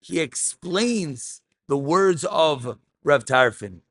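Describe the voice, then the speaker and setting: A man teaching a Talmud class, animated, mixing English with Aramaic terms and raising his voice for emphasis. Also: fairly high pitch, slow.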